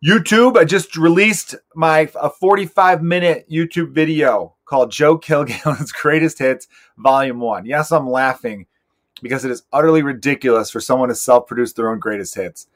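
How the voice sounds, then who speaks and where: A man's voice: mid-range voice, moderate pace. A man in his thirties, a stand-up comedian hosting his own podcast, rambling in a profane, self-mocking, joking way. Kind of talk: casual solo podcast monologue.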